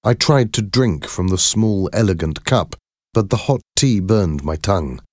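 A man reading a first-person story aloud in a slow, measured, clear way. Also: sits low, lively intonation, dry recording, clean studio sound. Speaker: narrator.

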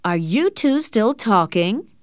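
A loud, bold young woman who teases freely, pitched a touch higher as a woman puts her on in a storybook. Her voice is lively in pitch and recorded close and dry. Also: normal speed, dry recording, lightly acted. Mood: teasing.

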